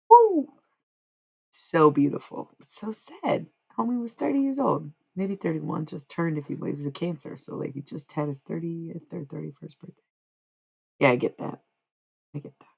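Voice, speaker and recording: Low, gravelly-voiced woman streamer. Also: fairly bright tone. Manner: rambling, slangy and frank, with swearing. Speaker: livestreamer and singer. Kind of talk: casual livestream chat.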